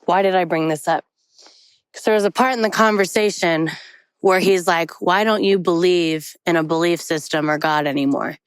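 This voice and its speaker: A woman's voice: lowish voice, moderate pace, smooth, no room sound, poor audio. A woman telling a candid, rambling story into her phone while hiking on an outdoor forest trail. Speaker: vlogger. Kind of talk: casual storytelling vlog. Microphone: phone held while walking.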